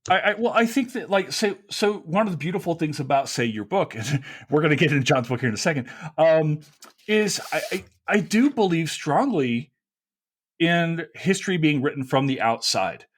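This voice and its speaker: A man's voice: on the high side, lively intonation, moderate pace. A man from the United States hosting a podcast, easygoing and enthusiastic, with lots of "like" in casual conversation. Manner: easygoing, enthusiastic, says "like" a lot. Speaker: podcast host.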